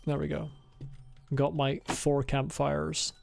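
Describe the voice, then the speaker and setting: A man's voice: a little high, monotone, slow pace, vocal fry, a little mellow. A man streaming a video game, muttering his plans to himself, swearing freely and answering chat. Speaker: let's play streamer. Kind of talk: casual live gaming chat.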